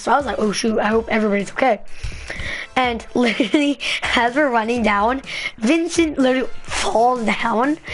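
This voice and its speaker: A woman vlogger telling a story in a rambling, excitable way, full of fillers. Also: a little high. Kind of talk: casual storytelling vlog.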